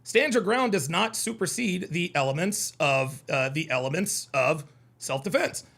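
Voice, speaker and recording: Combative host with a high, swinging voice. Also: male voice, expressive, a little slow, creaky, fairly bright tone. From American South. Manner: profane, combative, repeats himself. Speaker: call-in show host. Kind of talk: heated live reaction commentary.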